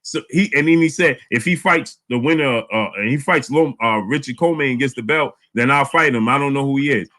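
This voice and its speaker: A man hosting a casual live boxing chat, animated, often repeating words. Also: medium pitch, brisk, hardly any pauses. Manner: animated, repeats words, reads super chats aloud. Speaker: boxing channel host.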